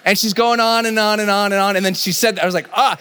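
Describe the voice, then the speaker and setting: Energetic high-voiced male motivational speaker. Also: fast, clean tone. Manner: energetic, shouting bursts, laughing asides. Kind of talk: live motivational talk. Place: large event stage before a crowd.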